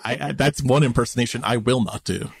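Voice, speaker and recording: A man's voice: medium pitch, quick pace, gravelly, breathy edge, no room sound, clean studio sound. A man co-hosting a podcast, chatting casually about a show in a wry, teasing way. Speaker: podcast co-host. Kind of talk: casual chat reviewing a show.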